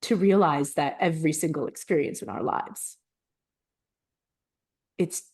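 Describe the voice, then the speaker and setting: A woman with a low-pitched voice talks on a podcast in a relaxed, personal way. She is animated and earnest, and she laughs often as she tells her stories. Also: measured pace, slightly rough. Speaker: podcast co-host. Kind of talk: casual conversational podcast chat.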